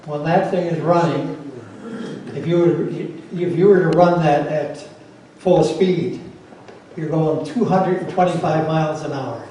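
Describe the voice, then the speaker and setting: A man's voice: fairly high pitch, a little slow, mellow. A man presenting a hands-on workshop demonstration to a club, answering audience questions in a plainspoken, practical way. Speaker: club presenter teaching routing. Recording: very echoey room, voice from far off, faint noise.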